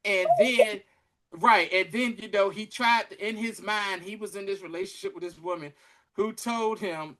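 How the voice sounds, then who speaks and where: A man co-hosting a podcast, chatting casually as he recaps a TV episode in an animated, slangy storytelling way. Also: sits high, normal speed. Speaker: podcast co-host.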